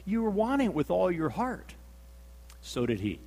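A man's voice: sits high, huge pitch swings, moderate pace, mellow, in a large hall. A man preaching a sermon, telling the story dramatically, acting out the quotes and repeating himself for emphasis.

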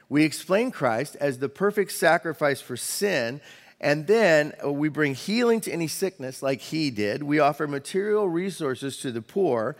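A man preaching a sermon as a pastor, in a conversational way with quick asides and the odd restart. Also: fairly high pitch, expressive. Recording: long hall reverb.

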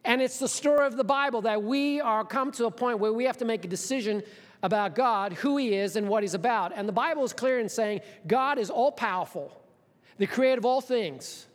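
High-voiced preacher in an echoing hall. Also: male voice, a little fast. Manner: storytelling, animated, conversational asides. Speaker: pastor. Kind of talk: sermon.

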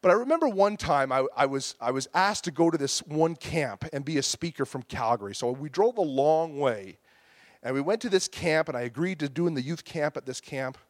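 A man preaches in a fairly high voice, recorded close and dry with no room around him. He tells a story from his life, acting out his own angry outbursts and the softer replies. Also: expressive, moderate pace, dry recording. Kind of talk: storytelling sermon.

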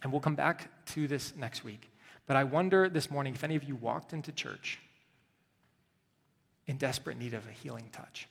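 A man, a pastor, preaching a sermon in a church, telling the story dramatically and moving between hushed and loud delivery. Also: mid-range voice, normal speed, gravelly, pauses often, slightly rough, long reverb tail. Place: church sanctuary.

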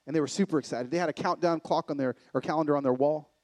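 A middle-aged man giving a sermon-style talk from a live event stage, swinging from excited loud bursts to hushed, intimate lows. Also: rapid-fire, no echo. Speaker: conference speaker.

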